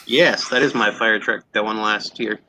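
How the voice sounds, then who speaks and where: A man's voice: on the low side, fairly even intonation, normal speed, noisy background. Man hosting a casual craft chat. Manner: explanatory, showing tools to the camera. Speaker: host of a scroll saw chat show.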